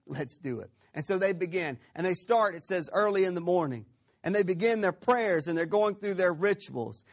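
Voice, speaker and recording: A man preaching a sermon, retelling a story with lively acted-out quotes and frequent check-ins like "okay?". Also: sits high. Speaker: pastor.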